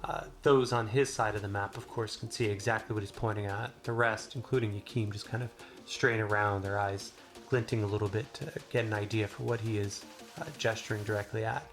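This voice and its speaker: A man narrating a solo tabletop game as game master in a relaxed, rambling way with many fillers. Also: lowish voice, fairly quick. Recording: music playing behind.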